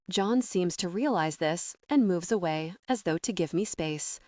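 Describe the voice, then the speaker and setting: A woman reading a first-person romance audiobook in a soft, intimate, emotional way. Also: lowish voice, unhurried, few pauses, no echo, studio quality. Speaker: audiobook narrator. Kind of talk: first-person scripted narration.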